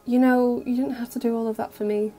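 A woman's voice: on the high side, little pitch movement, fast, dark tone, faint music behind, close to an everyday voice. A woman reading as an earnest teenage boy.

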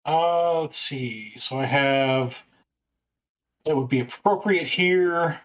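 A man playing a tabletop game at a live convention table with a slightly high-pitched voice. He talks casually and reasons out loud as he works through his options. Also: takes it slowly. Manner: casual, thinking aloud. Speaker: player.

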